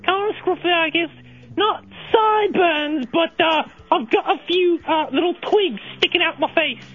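A rough, unkempt middle-aged British woman rambles crudely down the line in a very high, shrill voice, as a man puts her on. She is brash and bawdy, full of fillers. The sound is slightly muffled, like an old radio broadcast. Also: a little slow. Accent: put-on British. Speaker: caller. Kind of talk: comic radio bit.

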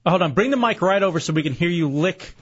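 A man with a notably high speaking voice runs a rowdy radio show, egging his guests on with teasing jokes and frequent laughter. The audio is dull and lo-fi, like an old radio broadcast. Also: expressive, fast talker, breathy edge. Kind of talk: joking talk radio banter.

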